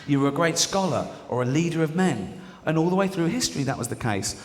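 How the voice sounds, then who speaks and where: Middle-aged English man, stand-up comic, sardonic with mock outrage, slightly high voice, long live-hall reverb. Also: expressive, quick pace. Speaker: stand-up comedian. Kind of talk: stand-up comedy routine. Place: theater stage before a live audience. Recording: live theater with long reverb and audience noise.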